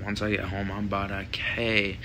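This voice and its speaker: A man's voice: lowish voice, flat delivery, moderate pace, background noise. A tired young man, vlogging casually on a handheld camera at the airport and leaning on "you know what I'm saying" over and over. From Canada. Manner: laid-back slangy talk with constant "you know what I'm saying". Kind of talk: casual travel vlog narration. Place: airport and travel spaces.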